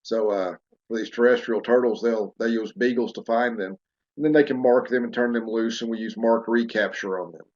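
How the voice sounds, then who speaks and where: A man with a Southern US accent, a wildlife professor explaining field methods in a casual, unhurried way with many fillers. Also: medium pitch, darkish tone, highs cut off. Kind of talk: casual educational discussion.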